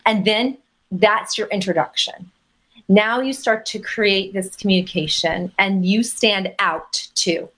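A woman's voice: mid-range voice, unhurried, a bit bright. A woman coaching on dating in a podcast chat, talking emphatically and acting out sample messages. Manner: emphatic, acts out sample messages in quoted voices. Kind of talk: advice talk on a podcast.

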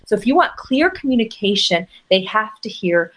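A woman's voice: medium pitch, sing-song, moderate pace, a bit bright. A woman coaching on dating in a podcast chat, talking emphatically and acting out sample messages. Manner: emphatic, acts out sample messages in quoted voices. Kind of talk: advice talk on a podcast.

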